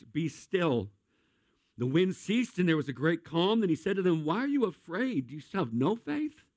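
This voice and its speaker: Man, preaching, lively and conversational, slightly high voice, dry close sound. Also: no echo. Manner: animated, conversational preaching with jokes and acted-out asides. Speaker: pastor. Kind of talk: sermon.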